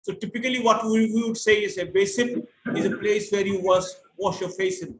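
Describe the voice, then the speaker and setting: A man's voice: high voice, fairly even intonation, fast talker, fairly bright tone, echoey room, slight background noise, rough recording. A man with an Indian English accent giving an online lecture, telling anecdotes and spelling words out letter by letter.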